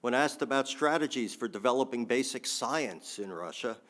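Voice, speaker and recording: A man's voice: mid-range voice, expressive, normal speed, fairly bright tone. A man giving a think-tank panel talk with frequent ums and restarts, adding dry asides.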